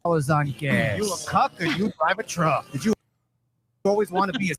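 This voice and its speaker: A man playing a brash truck-ad pitchman who mocks his buyers in a comedy ad parody, with punchy delivery over a music bed. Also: animated, fairly quick, a bit bright, a little hiss or hum. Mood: mocking. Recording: clip played with music bed.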